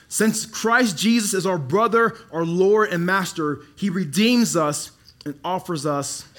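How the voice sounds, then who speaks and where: Pastor, male, thirties, from Dallas; high voice, lively sermon delivery with hushed drops. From Dallas, Texas. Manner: animated preaching, drops to quiet near-whispers for emphasis.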